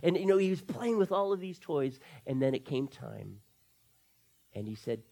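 A husky male pastor preaching a sermon in a church. His voice turns intimate and hushed, then jumps up loud and eager, with a slightly breathy edge throughout. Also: on the high side, normal speed. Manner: swings between soft near-whispers and loud excited bursts. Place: church sanctuary.

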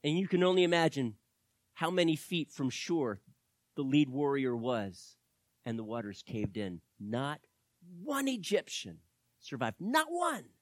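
A pastor preaching a sermon to his church, swinging between hushed words and loud, fervent calls. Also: mid-range voice, very animated, a little slow, no echo, studio quality. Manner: dramatic, swings from hushed to shouting.

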